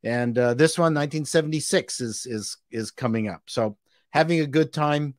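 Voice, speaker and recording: A man guesting on a live stream, speaking haltingly with lots of fillers, his voice dropping low and quiet at the ends of phrases. His pitch sits in the middle range, and the sound is dry and close. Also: no room sound. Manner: halting, with many fillers and restarts, trailing off softly. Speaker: guest YouTuber. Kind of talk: casual live-stream chat.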